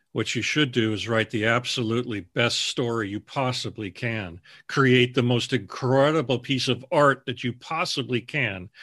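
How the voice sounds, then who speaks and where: With a mid-range voice that sounds pushed and bright, a male book editor earnestly responds to interview questions, spinning anecdotes and acting out the people in them. It's clean studio sound with no echo.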